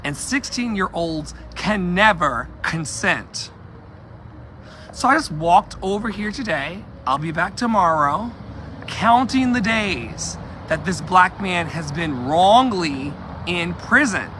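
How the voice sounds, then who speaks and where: A man's voice: high voice, lively intonation, slow, sharp tone, slight background noise. A man vlogging outdoors while walking, talking emphatically and repeating himself, with asides to his viewers. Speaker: activist vlogger. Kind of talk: impassioned street vlog.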